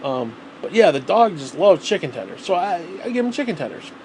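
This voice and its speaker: Man, casual vlog, rambling, profane, slightly raised pitch. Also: very animated, fairly quick, a little mellow, slight background noise, rough recording. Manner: rambling, heavy swearing. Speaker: vlogger.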